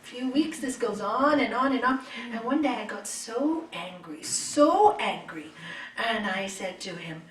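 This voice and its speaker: A middle-aged woman yoga teacher giving a spiritual talk, telling personal stories in an expressive, conversational way. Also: fairly high pitch, measured pace. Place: retreat meeting hall. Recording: echoey room, mic far off.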